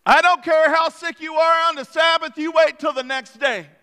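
A male pastor playing a pompous, passive-aggressive synagogue leader in a sermon, with a much higher, haughty voice. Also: steady tone, moderate pace, sharp tone. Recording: long hall reverb.

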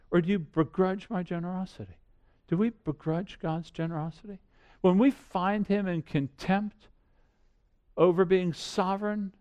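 A man with a high voice preaches a sermon. He throws rhetorical questions at the listeners, growing loud and then dropping low. His delivery is animated and earnest. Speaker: pastor.

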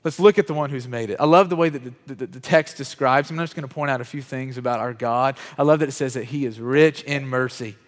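A pastor delivers a sermon in a church hall with chairs, speaking fast in a medium-pitched voice with hardly any pauses and a big-room sound. He talks conversationally, questions the congregation, and scatters fillers, frequent "like," and repeated false starts throughout.

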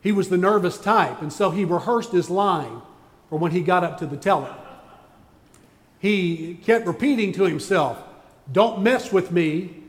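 A man's voice: sits high, expressive, moderate pace, in a large hall. A man preaching a sermon as pastor, folksy and joking as he tells stories to his congregation. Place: church sanctuary.

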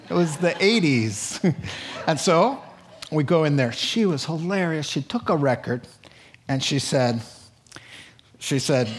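A middle-aged man preaching a sermon, telling a story with lively acted-out quotes. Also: fairly high pitch. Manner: animated storytelling, acts out quoted voices. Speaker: pastor.

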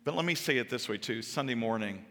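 A man in his thirties preaching a sermon to his congregation, with earnest emphasis that drops into quiet, personal asides. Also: mid-range voice, animated, very fast, creaky. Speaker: pastor. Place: church sanctuary. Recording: long hall reverb. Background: church hall.

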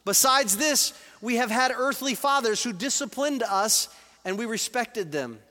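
A man's voice: extremely high pitch, lively intonation, unhurried, sharp tone. A man in his forties, a pastor preaching a sermon in a church, earnest and conversational as he reads and explains scripture. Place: church sanctuary. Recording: reverberant church hall.

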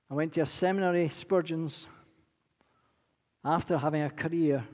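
A man in his sixties preaching a sermon, earnest and repetitive, rising from quiet to impassioned. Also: a little high. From Britain. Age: 60s. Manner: earnest, building from quiet to impassioned, repeats phrases. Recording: long reverb of a large hall.

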